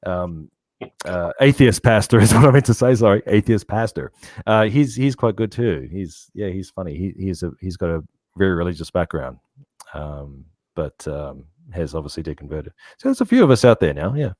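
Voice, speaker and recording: Deep-voiced Australian man, laid-back. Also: very animated, a little fast, darkish tone, no room sound, studio quality. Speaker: interview guest. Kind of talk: casual interview chat.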